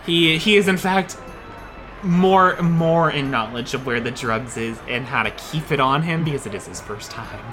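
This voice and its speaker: A person narrating a tabletop game as game master, animated and laughing often. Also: female voice, rumbling low, normal speed, faint music behind.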